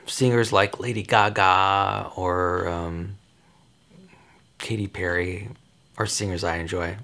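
Man, forties, fatherly casual chat, gravelly voice, low-pitched, chuckles, rambling. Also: a bit bright. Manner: rambling, chuckles often, self-correcting. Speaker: father giving advice. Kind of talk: casual direct-to-camera chat.

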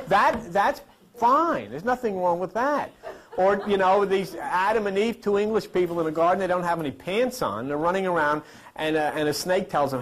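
A man hosting a talk show, talking casually to a studio audience and telling animated stories with laughing asides. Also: fairly high pitch, brisk. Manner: animated storyteller, acts out voices with laughing asides. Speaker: host.

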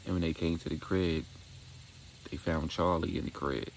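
A man's voice: extremely low pitch, fairly even intonation, moderate pace, vocal fry, a little hiss or hum, poor audio. A man casually retelling a story, loose and profane, with a lot of "like". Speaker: storyteller recapping a series.

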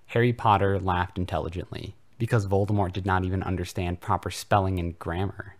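A man reading a comedic fanfiction aloud for a podcast in a mock-serious deadpan style. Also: sits low, brisk, hardly any pauses. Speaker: podcast reader.

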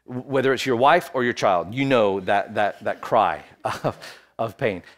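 Guy pastor preaching a sermon, chatty story then fired up, mid pitch. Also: unhurried. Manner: personal storytelling, rising to fervent preaching. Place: church, streamed online.

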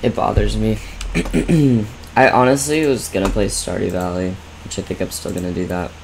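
A young man streaming a video game, reacting with excited exclamations and swearing in casual chatter. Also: on the low side, moderate pace, creaky, slight background noise.

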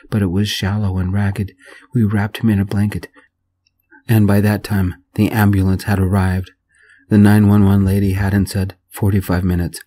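A man telling a story in a gentle, soft-spoken reading voice. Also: deep voice.

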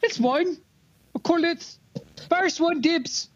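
A woman's voice: extremely high pitch, takes it slowly. A woman playing a tabletop game, joking and swearing. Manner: loud, profane, joking. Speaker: player. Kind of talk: casual tabletop game chat. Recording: dull, dry mic.

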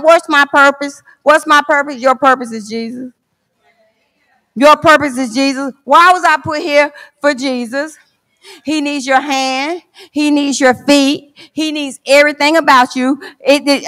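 Fervent high-voiced woman preaching in a hall. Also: fairly bright tone. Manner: fervent, repeats phrases for emphasis. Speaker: guest preacher. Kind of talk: sermon with scripture and poem reading. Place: church.

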